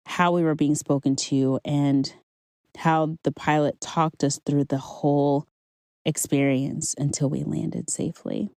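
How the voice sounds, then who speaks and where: With a low, mellow voice and no room sound, a woman tells her personal faith testimony on her podcast. She speaks earnestly and conversationally, offering her listeners encouragement.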